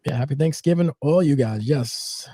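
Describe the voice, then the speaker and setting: A man's voice: fairly high pitch, normal speed, warm tone, no echo, studio quality. A man with a New Jersey accent hosting a casual live show, reading viewer comments aloud in an easygoing way. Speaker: host. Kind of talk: casual livestream chat.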